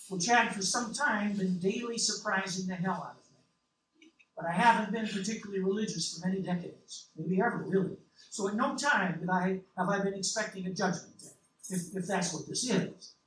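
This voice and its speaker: Man, first-person audiobook narration, measured, reflective, set back from the mic, faint hiss. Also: sits high, a bit bright, roomy sound, recorded from a distance, rough recording.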